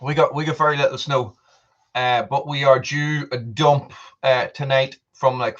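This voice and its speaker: A man's voice: mid-range voice, fairly bright tone. A man from Britain hosting a casual live stream, chatting to viewers by name and eating popcorn as he talks. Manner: chatty, reads out viewer names, eats popcorn while talking. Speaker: livestream host. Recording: dull lo-fi sound.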